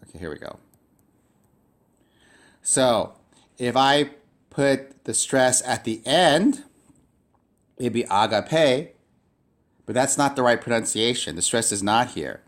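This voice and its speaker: A man teaching a recorded language lesson, speaking haltingly with many fillers and restarts. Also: mid-range voice, animated. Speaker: Greek teacher. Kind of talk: recorded lecture.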